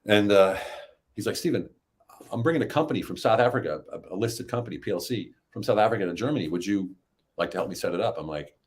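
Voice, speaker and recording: A middle-aged man telling stories as a podcast guest, animated and climbing high in pitch when he acts out what people said. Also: fast, a little hiss or hum. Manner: animated, rises high when acting out quotes. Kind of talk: casual storytelling.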